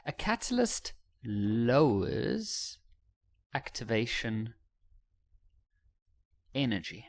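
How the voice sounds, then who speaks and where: A man's voice: medium pitch, very animated, extremely slow. Chatty, self-mocking male science teacher. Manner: joking, self-mocking, chatty, with many fillers and restarts. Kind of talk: casual explanatory lesson.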